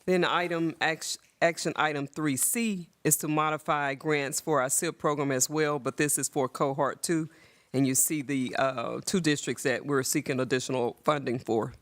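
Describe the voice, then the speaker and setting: A man's voice: fairly high pitch, steady tone, moderate pace, fairly bright tone. Man presenting grant items to a board. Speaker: staff presenter.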